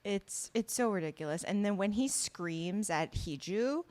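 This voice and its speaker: A young woman co-hosting a casual drama podcast, lively and incredulous as she recaps scenes. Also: a little slow. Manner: lively, incredulous, swoops in pitch. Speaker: podcast co-host. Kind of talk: casual chat.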